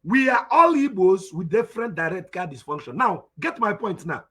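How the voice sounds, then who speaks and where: Igbo-accented Nigerian man, teacher type, very high forceful voice, hammers his points home. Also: animated, fairly quick, breathy edge. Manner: emphatic, repeats points, asks rhetorical questions. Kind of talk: spoken lecture.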